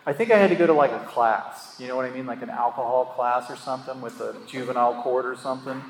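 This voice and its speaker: A man's voice: medium pitch, quick pace. A man shares his story with a recovery group in a loose, rambling way, full of fillers and self-mocking chuckles. His voice rings through a large, reverberant hall. A faint background hum sits under it. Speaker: speaker sharing his story at a recovery meeting. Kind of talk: candid personal storytelling. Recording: echoey hall with faint ambient noise.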